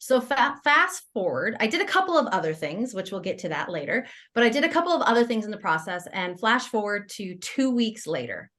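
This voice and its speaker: A woman talks through a personal story as a podcast guest, at an ordinary mid pitch for a woman. Her delivery is animated and conversational, with frequent laughter, and she slips into quoting her own inner thoughts as she goes. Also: a little fast, hardly any pauses. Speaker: guest entrepreneur.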